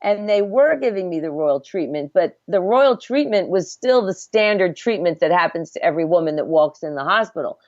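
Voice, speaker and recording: A middle-aged woman with a lowish voice speaks as a midwife guest in a podcast interview. She tells her story earnestly and reflectively, often stopping to restart her sentences. The audio is dry and a little dull and lo-fi. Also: lively intonation, brisk, hardly any pauses, a little mellow, no room sound. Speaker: midwife, former obstetric nurse.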